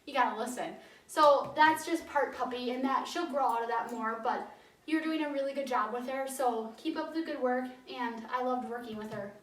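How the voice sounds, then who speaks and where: Woman, dog trainer, fairly high voice, instructional, firm low commands, distant mic, roomy echo. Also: moderate pace. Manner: explains steps, then gives low firm commands to the puppy. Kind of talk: instructional demonstration. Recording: roomy sound from away from the mic.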